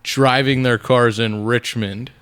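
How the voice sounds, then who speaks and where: Male podcast co-host, mid-pitched, rambling casual delivery, dry close recording. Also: fairly even intonation, slow, a bit bright, clean tone, dry recording. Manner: rambling, hedging with fillers. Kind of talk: casual chat.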